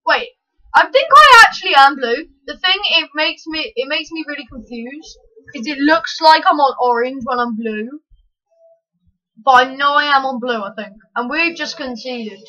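Girl yelling at her game, super high and bright, jokey asides to her viewers. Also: lo-fi sound. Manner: excitable, yells at the screen, quick self-mocking asides. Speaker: gaming channel host. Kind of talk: live gameplay commentary.

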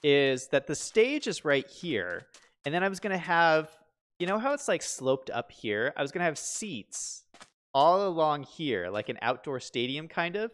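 While live-streaming a building game, a man with a slightly high, somewhat bright voice chats casually and very animatedly at an unhurried pace. He asks himself questions and reads viewer comments aloud as he plays.

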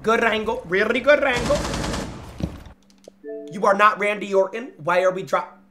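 A young man streaming live, loudly reacting to viewer gameplay clips, teasing and excitable, swinging between shouting and muttering. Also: sits high, normal speed, music in the background.

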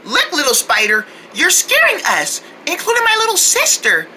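A woman's voice: extremely high pitch, wildly swooping pitch, normal speed, sharp tone, a little hiss or hum, voice pushed down, exaggerated voice, poor audio. A woman voicing a caring big sister girl in a children's cartoon, sing-song and protective. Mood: coaxing. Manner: bouncy, sing-song, easily frightened.

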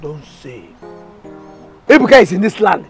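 An actor with a Nigerian accent playing a loud, arrogant village man who shouts insults and mocks. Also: high voice, sing-song, unhurried, creaky, slightly rough, heavily acted. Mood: indignant. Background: background music.

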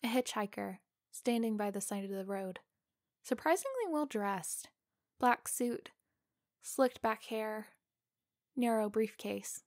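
A woman narrating a scripted first-person story in a slow, deliberate, suspenseful way. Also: on the high side, lively intonation, a little mellow, no echo, studio quality.

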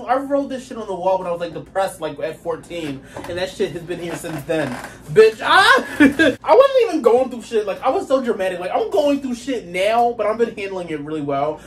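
A young woman vlogging casually from her bedroom into a hand-held phone, sassy and slangy, laughing often. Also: mid-range voice. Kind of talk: casual chat to camera.

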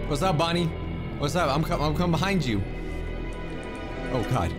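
Excitable high-voiced man playing a game. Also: fairly quick, faint music behind. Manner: excitable, joking, exclamatory. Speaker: gaming video creator. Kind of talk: let's play commentary.

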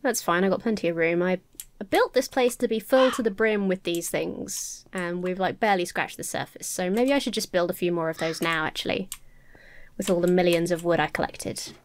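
Stuffed up and nasal with a cold, a woman from England gives casual Minecraft let's-play commentary, chattily talking to herself as she sorts items in the building and farming game. Her voice is fairly low and fairly quick.

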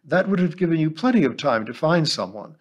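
A man's voice: fairly high pitch, animated, fairly quick, dull audio, voice pushed up. A man reading an audiobook and voicing a fretful, hesitant middle-aged woman teacher who is a grandmother. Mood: anxious.

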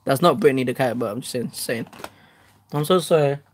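Excitable woman vlogging. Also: a bass voice, fairly quick, slightly rough. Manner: excitable, chatty, swears loudly when let down. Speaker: host. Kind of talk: casual unboxing vlog.

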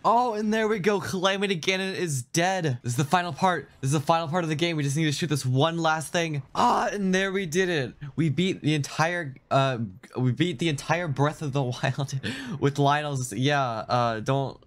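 A man doing jokey let's-play commentary over a video game, often laughing mid-sentence and jumping up in pitch when excited. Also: normal speed. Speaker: gaming YouTuber.

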